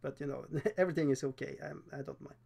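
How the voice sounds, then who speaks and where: Gravelly-voiced Norwegian man chatting on a livestream. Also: a little high, dark tone. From Norway. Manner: chatty, self-deprecating, laughs often, halting with fillers. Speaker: livestream host painting miniatures. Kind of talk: casual livestream chat while painting.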